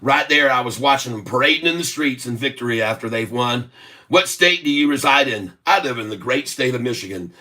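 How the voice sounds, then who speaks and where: A man in his sixties from the South with a Southern accent, hosting a rambling livestream, loud and laughing, with rhymes thrown in. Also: medium pitch, lively intonation, fairly quick. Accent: Southern American. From Southern United States. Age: 60s. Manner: boisterous, rhyming, laughing often. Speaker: livestream host. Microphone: webcam mic.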